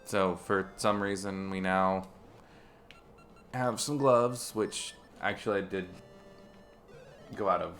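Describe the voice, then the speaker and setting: A man's voice: low voice, steady tone, slow, long pauses, fairly bright tone. A man streaming a video game and chatting casually while he plays, rambling and restarting his sentences often. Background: faint game music.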